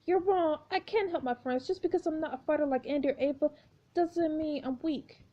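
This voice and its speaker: A woman voicing a frightened but defiant young woman in a mobile story game, in a shrill, raised voice. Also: brisk, highs cut off, close to an everyday voice.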